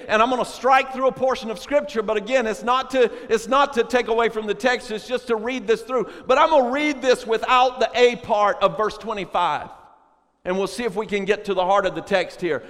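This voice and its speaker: High-voiced preacher in an echoing hall. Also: male voice. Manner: emphatic preacher who builds to shouted, drawn-out phrases; conversational asides to the congregation. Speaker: pastor. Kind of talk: sermon. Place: church sanctuary. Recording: long reverb of a large hall.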